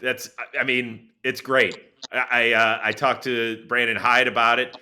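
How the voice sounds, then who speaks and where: A man hosting a casual sports interview, animated and joking as he prompts his guest. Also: mid-range voice, measured pace. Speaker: podcast host.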